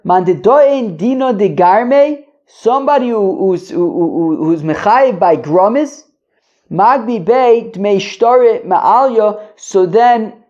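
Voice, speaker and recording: On his podcast, this man gives a relaxed daily Talmud lesson: he reads passages in Aramaic, then explains them in loose, meandering English, frequently tripping over and repeating words while searching for how to say things. He has a high, warm voice, and the audio is dull and lo-fi.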